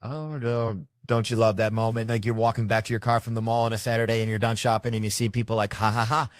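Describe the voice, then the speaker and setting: A man's voice: lowish voice, level tone, fast talker, dry recording. A man doing stand-up, telling a rambling observational bit in a loose conversational way. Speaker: stand-up comedian. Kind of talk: stand-up storytelling.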